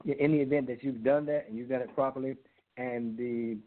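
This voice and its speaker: A man's voice: medium pitch, steady tone, a little fast. A man hosting a call-in radio show, giving short agreeing replies and asking probing questions. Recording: tinny phone line.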